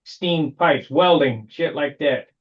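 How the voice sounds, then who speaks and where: A man's voice: a little high, takes it slowly. A man chatting in a folksy, salty way as host of a video call meeting. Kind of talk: casual video call chat. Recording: muffled video call audio.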